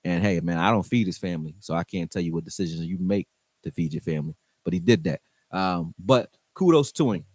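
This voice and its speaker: A man's voice: sits low, brisk, a little mellow, no room sound. A man hosting a sports show who breaks down football plays in casual, frank and slangy talk, with some swearing, speaking straight to his viewers. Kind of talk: casual football film commentary.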